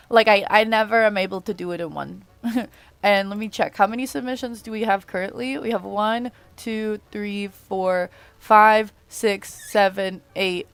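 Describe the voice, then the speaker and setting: A woman streamer chatting casually with viewers in a raspy morning voice, rambling with lots of fillers and restarts. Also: medium pitch, no echo. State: groggy morning voice, just woke up. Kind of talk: casual livestream chat with viewers.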